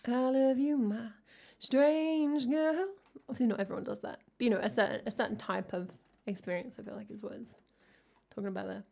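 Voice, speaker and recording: A woman's voice: mid-range voice, steady tone, rapid-fire, gravelly, a little mellow, husky. Woman chatting loosely between songs. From England. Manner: rambling, loose, full of "like" and "I don't know"; teasing viewers in the chat. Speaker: singer-songwriter streamer. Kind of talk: casual chat to viewers between songs on a music livestream.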